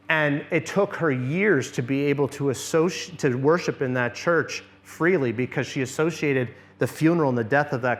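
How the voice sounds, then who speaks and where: A middle-aged man teaching a workshop to a church group, his voice sitting a little high for a man. He talks to the room in a conversational way and keeps checking that people follow. When he models what to say, he drops into a soft, low voice.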